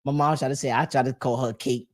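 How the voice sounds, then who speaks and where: A man's voice: medium pitch, fairly even intonation, quick pace. A man hosting a podcast in a loose, slangy casual chat, often restarting his sentences. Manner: loose slangy talk with many restarts and fillers. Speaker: podcast host reading live chat.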